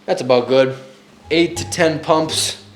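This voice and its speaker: A man's voice: a little high, slow. A young man chatting casually while cooking in his home kitchen, joking and yelping as onions make him cry. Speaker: home cook. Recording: echoey room, faint music.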